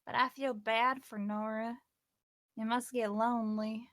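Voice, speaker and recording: A woman's voice: on the high side, level tone, a little slow, fairly bright tone, no echo. A woman voicing a cheerful, childlike young woman in a tabletop game, chirpy, giggly and eager to please. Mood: earnest.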